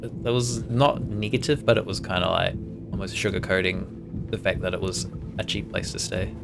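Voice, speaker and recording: A man chats casually while streaming a game, rambling and swearing freely. His voice sits low with a gravelly edge. Game music plays behind him. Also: steady tone, moderate pace. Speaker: streamer playing a video game. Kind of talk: casual let's-play chat.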